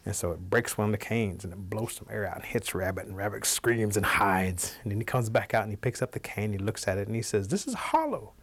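A male storyteller with a lowish voice recounts an old animal tale. His delivery is relaxed and animated, and he shifts his tone as the story moves along. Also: fast talker, hardly any pauses, breathy edge. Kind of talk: oral folk storytelling.

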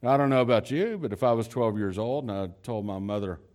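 A man preaching a sermon, retelling a story in a conversational way with fillers and restarts, moving between loud emphasis and quiet low lines. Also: fast talker, a little hiss or hum.

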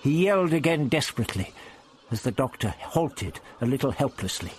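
A man's voice: mid-range voice, big pitch swings, fairly quick, a little hiss or hum. A man reading an adventure story aloud in a dramatic storytelling manner. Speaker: audiobook narrator. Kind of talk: expressive audiobook reading.

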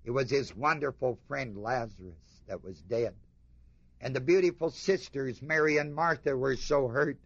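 Guy preaching a sermon, asks the crowd lots of questions, goes quiet then fired up, kinda muffled dry lo-fi sound. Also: mid-range voice, moderate pace, no echo. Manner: emphatic, rhetorical questions to the congregation, swings between hushed and fervent. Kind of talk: sermon, reading and commenting on scripture.

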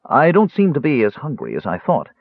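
A man's voice: medium pitch, wildly swooping pitch, fairly quick, dry recording, pitched above the performer's own voice. A man voicing a nervous, meek cleric who stammers, on a tinny, dry recording. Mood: flustered. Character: nervous, meek middle-aged human cleric.

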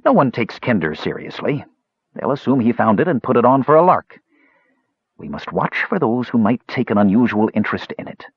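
A man voicing a frail male mage who speaks softly, quietly and with cool disdain. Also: mid-range voice, very animated, brisk, husky, no room sound, lo-fi sound. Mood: grave. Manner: soft, quiet, cool and dismissive. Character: soft-spoken frail male mage, cold and cutting. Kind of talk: audiobook character voice.

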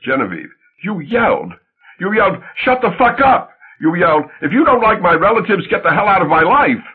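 A scornful young wife who is walking out, her voice husky and climbing high when she mocks, as a male audiobook reader puts her on. The sound is thin and tinny, with a lively swinging pitch. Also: moderate pace. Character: sharp young woman, wife leaving her husband.

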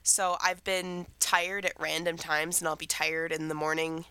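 Teen girl podcaster rambling about her week, bright voice, dry close sound, getting over a cold. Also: sits low, level tone, unhurried, clean tone, dry recording. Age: teens. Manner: rambling, chatty. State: recovering from a cold. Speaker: podcast co-host. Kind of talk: casual chat.

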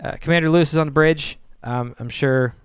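Man running a tabletop game, smooth voice. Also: fairly high pitch, no room sound, studio quality. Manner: halting, full of restarts and fillers. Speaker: game master.

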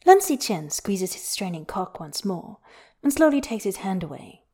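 A woman narrating a fanfiction story aloud in an intimate, soft and often whispery way. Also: medium pitch, sing-song, moderate pace, slightly rough. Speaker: podfic reader.

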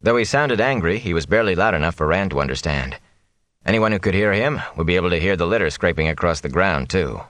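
Deep-voiced man narrating a fantasy audiobook. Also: fast, fairly bright tone, no room sound.

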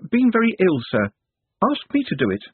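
A man's voice: high voice, wildly swooping pitch, brisk, slightly rough, no echo, voice pushed up, full character voice. A man voicing a humble, mild young male apprentice who keeps saying sir. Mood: meek. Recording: tinny phone-like dry sound.

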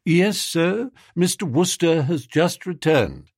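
A proper, unruffled manservant, as a male audiobook narrator puts him on, answering in measured, formal phrases. His voice is a little husky and sounds close and dry, with a lowered, quieter delivery. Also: expressive, dry recording, exaggerated voice. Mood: deferential. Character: proper, unflappable male valet, knows everything. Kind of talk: audiobook character voice.

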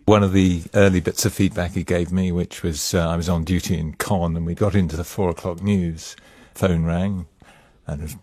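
A man's voice: deep voice, normal speed, a little mellow, slightly rough, no echo. A man, a former colleague, recalling feedback in a reflective way. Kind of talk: anecdote in a round-table talk.

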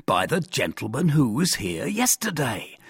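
A man's voice: mid-range voice, huge pitch swings, a little slow, creaky, breathy edge, no room sound, clean studio sound, pitched above the performer's own voice, heavily acted. A man doing a flustered old-world innkeeper. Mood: anxious. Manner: worried, pleading. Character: anxious, flustered middle-aged male innkeeper.

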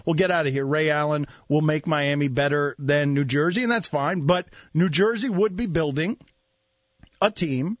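A man hosting a sports talk radio show, talking in an animated way with laughs and mock outrage. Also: fairly high pitch, normal speed, no echo, muffled recording. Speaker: host.

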